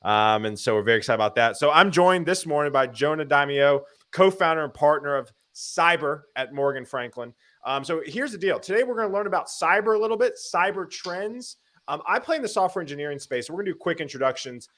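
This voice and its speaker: A man hosting a live web show, talking in an upbeat, energetic, chatty way. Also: on the high side, brisk. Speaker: host. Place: home in Nashville.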